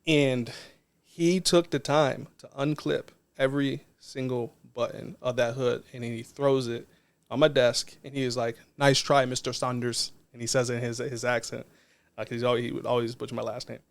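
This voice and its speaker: A man's voice: mid-range voice, flat delivery, moderate pace, creaky. A man, a non-profit co-founder, telling a personal story in a casual interview in an earnest, reflective way.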